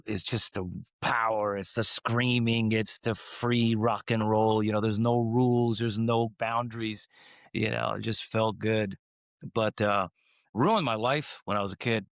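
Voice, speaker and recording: A man from Croatia, a guest in a casual interview who tells rambling stories with lively swings in his voice. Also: normal speed, dry recording, studio quality. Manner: animated, rambling, acts out quotes with swings in pitch. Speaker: guest singer.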